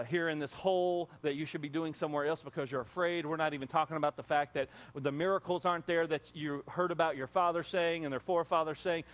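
A pastor preaching a sermon in an animated way, full of rhetorical questions. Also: male voice, on the high side.

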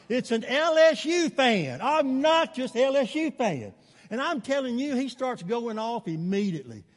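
An older man, preaching a sermon as pastor, telling stories in an animated way and chuckling between lines. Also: extremely high pitch, big-room sound.

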